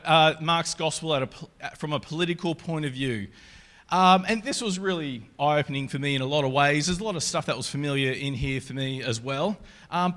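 A man giving a sermon in a relaxed, conversational way, reading scripture aloud along the way. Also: fairly high pitch. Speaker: preacher.

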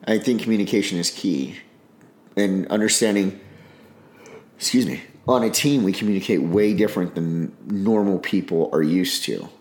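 Blunt deep-voiced man in echoey room. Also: moderate pace, a little mellow. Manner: blunt, frank, swears, tells stories with acted-out dialogue. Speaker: podcast guest, army special operations veteran. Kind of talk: casual interview talk.

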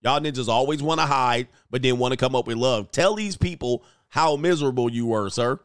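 A man's voice: mid-range voice, fairly quick, clean tone, dry recording, clean studio sound. A middle-aged man hosting a relationship coaching show, giving blunt, profane commentary on a news story and lecturing his listeners.

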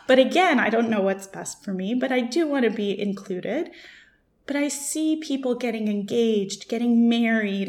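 Emotional woman recounting grief. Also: on the high side. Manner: emotional, halting, with many restarts and self-questions. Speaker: podcast guest. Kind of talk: personal storytelling.

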